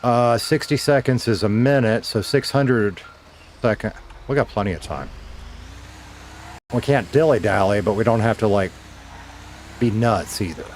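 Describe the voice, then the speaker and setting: A man's voice: on the low side, unhurried, long pauses, a little mellow, slight background noise. A middle-aged man, a former radio DJ, casually chatting with viewers while streaming a game, laid-back and swearing now and then.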